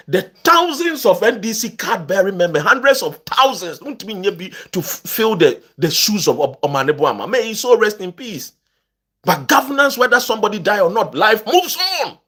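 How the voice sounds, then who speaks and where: A man's voice: sits high, pushed and bright. A Ghanaian man ranting about politics to his online audience, impassioned and emphatic, switching between English and Twi. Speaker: political commentator. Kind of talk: animated political rant to camera.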